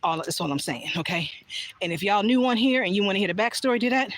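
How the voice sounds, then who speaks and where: A woman's voice: medium pitch, fast, a little hiss or hum. A woman chatting casually on a livestream while walking outdoors in the evening, frankly and with swearing, reading viewer comments aloud. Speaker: livestream vlogger.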